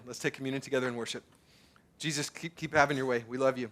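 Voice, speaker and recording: A man in his thirties or forties, preaching a sermon at a church service in an animated, conversational way, full of fillers and repeated words. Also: mid-range voice, fast. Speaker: pastor.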